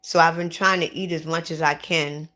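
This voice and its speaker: A woman's voice: sits low, fairly even intonation, normal speed, sharp tone. A woman who is sick and lightheaded, talking casually and upset to her livestream viewers, repeating herself and restarting often. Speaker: vlogger.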